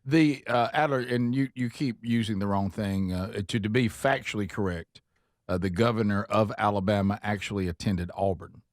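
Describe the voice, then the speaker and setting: A man's voice: on the low side, dry recording. Guy hosting morning radio, folksy, stumbles over words, dry close mic. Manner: halting, repeats words, folksy. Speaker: radio show host. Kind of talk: casual morning-show banter.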